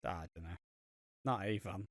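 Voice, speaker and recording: Male podcast co-host, bright and crisp, dry close sound, loose and sweary. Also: low-pitched, moderate pace, dry recording. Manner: sweary, rambling, laughs often. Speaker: podcast co-host reviewing a soap. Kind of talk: casual podcast chat.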